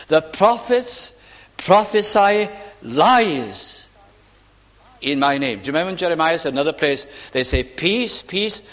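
Male preacher, fairly high voice; dramatic, slow scripture delivery with sudden loud and soft turns; long chapel reverb. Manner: reads scripture slowly and dramatically, with sudden swells and drops in volume. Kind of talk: sermon.

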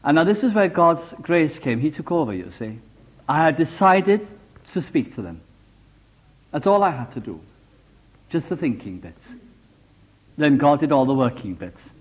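Lively Welsh man preaching a sermon. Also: mid-range voice, breathy edge. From Wales. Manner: animated preaching with homely stories and jokes.

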